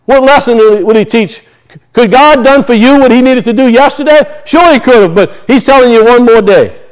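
Man, middle-aged, pastor preaching, high voice, rhetorical questions. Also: brisk, clean tone, poor audio. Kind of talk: sermon.

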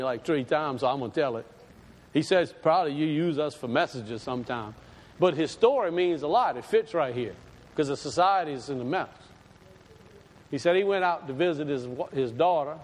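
Folksy preacher in an echoey hall. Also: male voice, fairly high pitch. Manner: folksy storytelling with sudden emphatic swells. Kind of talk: sermon.

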